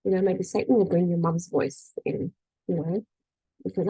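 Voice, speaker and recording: A woman's voice: fairly low pitch, moderate pace, vocal fry, warm tone, slightly rough, no echo, poor audio. A middle-aged woman coaching a faith group in a chatty, casual way, often checking in with "right?" and acting out quoted voices. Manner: chatty, frequent "you know" and "right?", acts out quoted voices. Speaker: spiritual energy-healing coach leading a group meeting. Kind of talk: casual faith-based teaching talk.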